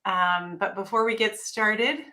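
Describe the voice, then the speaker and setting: A woman's voice: medium pitch, measured pace, pushed and bright. A middle-aged woman from North Carolina hosting a live stream, upbeat and greeting viewers by name in casual chat.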